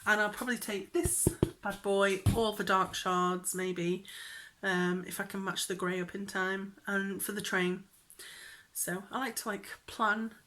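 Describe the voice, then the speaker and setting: Bright-voiced chatty woman vlogger. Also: medium pitch, a little slow, slight background noise. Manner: chatty, giggly, drops into whispers when excited. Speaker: cross-stitch vlogger. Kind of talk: casual chatty vlog.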